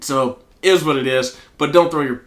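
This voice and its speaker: A man's voice: on the high side, moderate pace. A man from the American South, a podcast co-host telling a rowdy retail story in casual, profane chat. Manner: profane, animated storyteller acting out quotes. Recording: echoey room.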